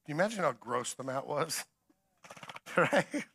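Bright, forceful preacher man. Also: a little high, sing-song, slow, vocal fry, slightly rough. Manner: emphatic, swings between shouting and hushed storytelling. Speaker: guest preacher. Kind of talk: sermon.

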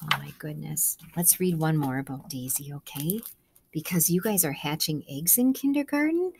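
A woman, a kindergarten teacher, reading a picture book aloud to children in a gentle, coaxing way, asking them questions and dropping to soft whispers. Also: low voice, lively intonation, moderate pace, creaky, a little hiss or hum.

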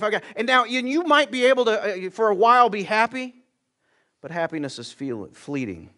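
A middle-aged man from the United States, preaching a sermon in a church, earnest and direct, swinging between loud emphatic peaks and quiet low asides. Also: expressive, normal speed. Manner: earnest, direct, repeats words when starting a thought. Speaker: pastor.

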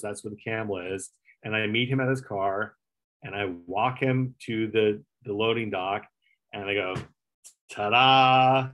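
A man's voice: on the low side, a bit bright. A middle-aged man, a former late-night segment producer, casually telling a long anecdote with lots of fillers and acted-out quotes. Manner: rambling anecdotal storyteller, many fillers, swearing, acts out quotes. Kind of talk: casual storytelling interview.

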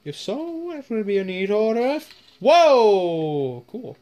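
A woman's voice: medium pitch, very animated, slow, dark tone. A woman giving casual, sweary commentary while playing a zombie game. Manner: casual, swears often, drawls. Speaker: gamer. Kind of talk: gaming commentary.

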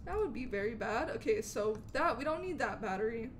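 A woman streaming a game live, excitable and chatting with viewers, with hiccups. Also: on the high side, brisk, noisy background. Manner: excitable, talks to chat, frequent outbursts. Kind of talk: live gameplay commentary.

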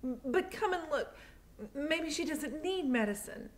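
Woman reading a storybook girl, anxious, stammering, high-pitched, urgent. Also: animated, a little slow. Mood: pleading. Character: anxious young girl pleading for help.

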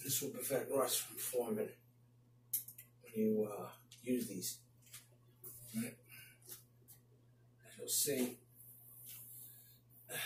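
A man's voice: medium pitch, slight background noise. Chatty New York man in echoey bathroom. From the Bronx, New York. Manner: chatty, mutters to himself while working, mild exasperated exclamations. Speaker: DIY YouTuber. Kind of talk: casual DIY video commentary. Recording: echoey room.

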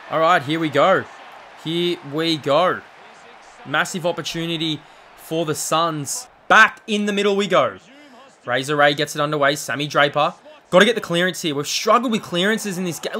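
A high, bright-voiced man calls a football video game live as he plays it. He jumps from loud, excited calls to quiet muttering, and a faint hum of ambience sits behind him. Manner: excitable, swings from shouted calls to low muttered asides. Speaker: gaming channel host.

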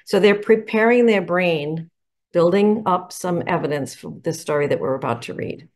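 A woman educator gives an instructional talk to teachers about picture book covers, explaining enthusiastically and posing questions along the way. Her voice is fairly low and a little mellow, at a normal speed.

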